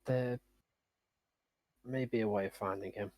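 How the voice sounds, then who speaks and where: A man playing a tabletop game, making soft, hesitant suggestions. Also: fairly low pitch, fairly even intonation, unhurried, dry recording, rough recording. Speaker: player. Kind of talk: in-character tabletop play.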